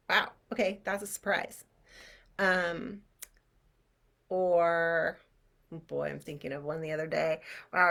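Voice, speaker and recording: Casting note: woman clairvoyant teacher, casual and animated, tosses in playful sound effects. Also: fairly low pitch. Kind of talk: casual online class.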